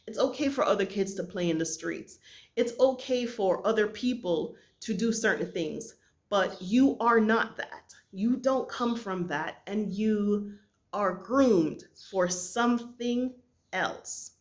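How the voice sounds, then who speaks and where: A middle-aged woman from Jamaica telling a personal family story in an earnest, halting way with many pauses. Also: mid-range voice, lively intonation. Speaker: vlogger.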